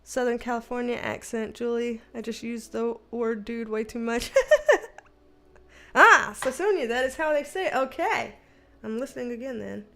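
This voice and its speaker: A woman's voice: a little high, moderate pace, creaky, sharp tone. A young adult woman from the United States hosting a casual live chat, a bit tipsy, giggly and rambling, swearing casually as she reads out the chat. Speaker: livestream host reading chat.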